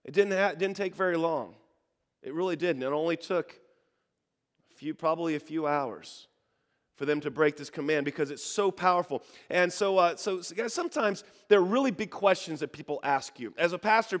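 A man's voice: fairly high pitch, a little fast, long reverb tail. A male pastor preaching a sermon, telling stories, acting out the people he quotes and calling on the congregation to respond. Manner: storytelling, acts out the people he quotes.

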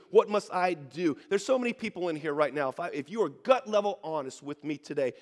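A man preaching a sermon to a congregation in a church, animated and leading them in call and response. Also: high-pitched. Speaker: pastor. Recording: hall reverb.

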